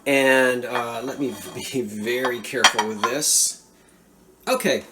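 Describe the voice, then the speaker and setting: A man's voice: mid-range voice, slow, background noise. A man enthusiastically showing off antique finds from a thrift haul in a chatty, casual vlog. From Philadelphia area. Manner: animated, enthusiastic, chatty asides. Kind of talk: casual show-and-tell vlog.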